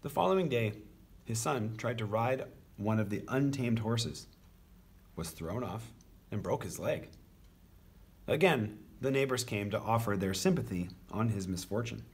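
Teacher guy reading a kids book out loud, husky, goes up and down a lot. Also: lowish voice, measured pace. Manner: expressive, animated storytelling. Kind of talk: picture-book read-aloud.

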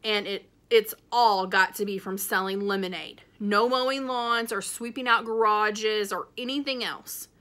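A woman's voice: medium pitch, fairly even intonation, measured pace, few pauses, fairly bright tone, lightly acted. A woman reading as a plucky little girl. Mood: scheming. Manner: smug, defiant. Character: small, plucky little sister, smart and stubborn.

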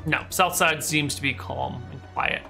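A man's voice: mid-range voice, unhurried, creaky, bright, forceful tone, faint music behind. A man narrating a tabletop game as game master, describing scenes casually with many fillers.

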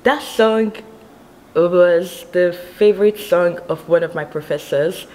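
A woman's voice: lowish voice, slow pace, warm tone, a little hiss or hum, poor audio. A young woman from Nigeria chatting casually to her viewers as a vlogger, giggly and full of "like" fillers. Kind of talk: casual chat between sung songs.

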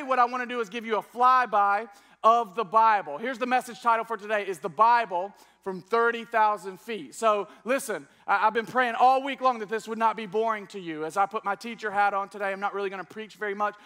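A man preaching a teaching sermon to a church congregation, energetic and coaxing them to join in. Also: high-pitched, clear, resonant tone. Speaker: pastor. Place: church service before a congregation.

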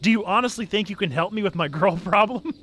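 A man voicing an excitable young man in a storybook reading, given to loud outbursts. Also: high voice, quick pace, slight background noise, pitched above the performer's own voice. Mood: excited.

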